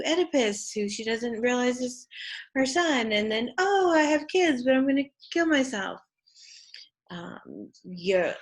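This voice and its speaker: A woman's voice: lowish voice, a bit bright. A woman giving a casual literature lecture, chatty and full of fillers. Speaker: literature teacher.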